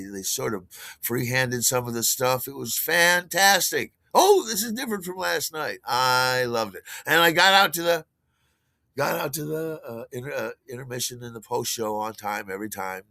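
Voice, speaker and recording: An older man hosting a podcast, telling a rambling story in a casual, animated way with restarts and chuckles. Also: normal speed, no echo, clean studio sound. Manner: animated, acts out quotes in a higher voice. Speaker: podcast host.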